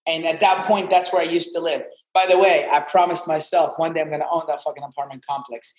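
A man in his twenties, a podcast guest, telling his story in an animated, casual way and swearing freely. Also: a little high, fast, echoey room, poor audio. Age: 20s.

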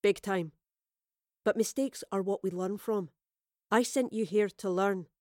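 A woman's voice: mid-range voice, measured pace, dark tone, dry recording, clean studio sound, lightly acted. A woman voicing a stern female commander who scolds in a clipped, firm, dryly severe way.

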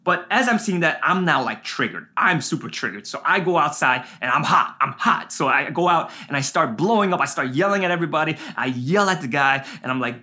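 A pastor preaches a sermon and shares a personal story in an animated way, full of fillers and asides. His voice sits at medium pitch and moves a little fast.

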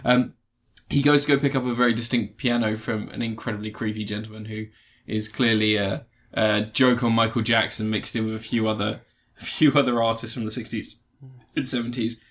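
A man's voice: on the low side, level tone, fairly bright tone. A man co-hosting a podcast in casual chat, eager and often restarting his sentences. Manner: quick, restarting, enthusiastic. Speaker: podcast co-host.

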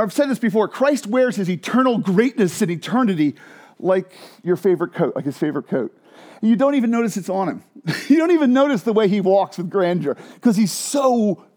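A man preaching an evangelistic sermon with passion, swinging from hushed low phrases to loud emphatic ones. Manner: frequent laughs and restarts. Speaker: pastor.

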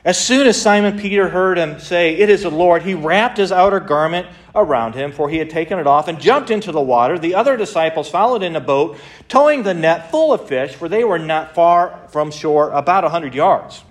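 Animated man preaching a sermon. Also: a little high, normal speed. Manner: animated storytelling with frequent restarts and acted-out quotes. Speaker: pastor.

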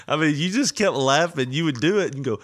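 A man's voice: on the high side, lively intonation, fairly quick, fairly bright tone. A middle-aged man hosting a casual chat, telling a long story with frequent laughter and quoted lines. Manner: laughing often, retelling with quoted voices.

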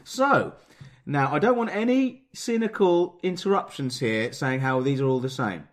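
A man co-hosting a comedy podcast who rambles through his stories and laughs often. His voice sits a bit high for a man. His pitch moves in lively leaps. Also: normal speed. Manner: laughs a lot, rambling storytelling. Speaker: podcast co-host and DJ. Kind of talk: casual comedy chat.

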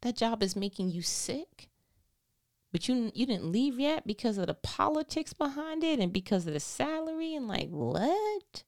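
A woman hosting a faith-based podcast, talking in an animated, preachy and playful way full of casual slang. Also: a little high, moderate pace. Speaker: podcast host.

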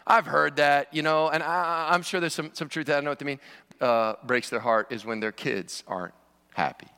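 Pastor, man, informal preacher who jokes with the room; sharp, bright tone. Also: a little high, a little fast, clear, resonant tone. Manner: conversational preaching with joking asides. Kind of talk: sermon. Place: church sanctuary. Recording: long reverb of a large hall.

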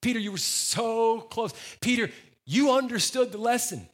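A male preacher voicing a patient male teacher who gently chides and coaxes his student in a sermon retelling. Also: very high voice, expressive, normal speed, voice pushed up. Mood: gentle. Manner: gently reproachful, coaxing.

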